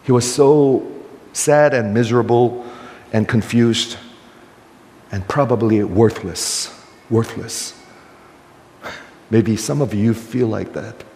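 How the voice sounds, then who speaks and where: A man's voice: lowish voice, slow, vocal fry, long pauses, mellow, big-room sound, slight background noise. An older man preaching a sermon as a pastor, emphatic and questioning, often checking in with the listeners.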